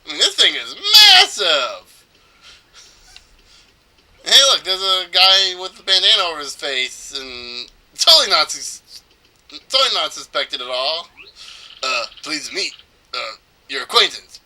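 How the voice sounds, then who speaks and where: A man's voice: fairly high pitch, lively intonation, a little slow, pushed and bright. A young man casually commentating a video game, joking and rambling with many fillers. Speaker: let's player.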